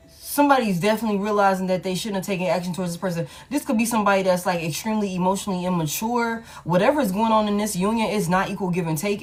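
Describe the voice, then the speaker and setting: A woman doing a casual tarot reading. She talks bluntly, swears freely and repeats her lines. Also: medium pitch. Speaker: tarot reader.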